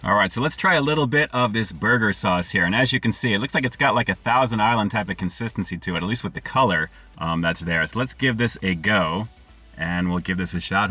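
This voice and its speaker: A man reviewing fast food for his channel, upbeat and slangy, talking straight to his viewers. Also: lowish voice, expressive, pushed and bright, soft background music. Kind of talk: casual food review vlog.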